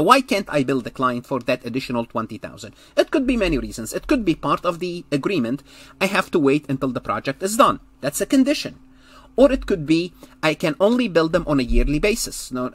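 A man's voice: on the high side, fairly bright tone, husky, no echo. A man lecturing on accounting, explaining step by step and repeating key points, with slightly nonstandard phrasing. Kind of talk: recorded lecture.

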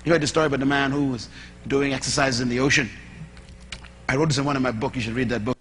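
A man preaching a sermon, telling stories in an animated, humorous way with asides. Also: medium pitch, quick pace. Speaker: pastor. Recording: echoey hall, faint hum.

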